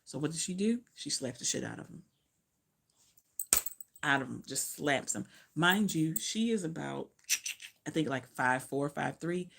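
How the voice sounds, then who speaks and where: A woman's voice: sits low, lively intonation, a little slow, vocal fry, long pauses, fairly bright tone, slight background noise. A woman casually recapping a romance novel she just read, chatty and profane, often losing track and correcting herself. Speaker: book reviewer.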